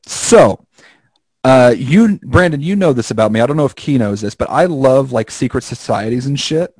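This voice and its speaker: Speaking at normal speed in a medium-pitched voice, a male podcast co-host tells stories in a casual chat, cursing freely and dramatizing the quotes. The audio has no echo but is poor overall.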